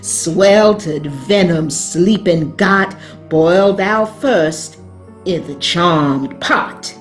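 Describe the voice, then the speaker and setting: A woman playing a slow-chanting Southern witch. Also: soft background music. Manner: slow, measured chanting with shrill cackles. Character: cackling old witch chanting over a cauldron. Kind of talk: amateur stage-play reading.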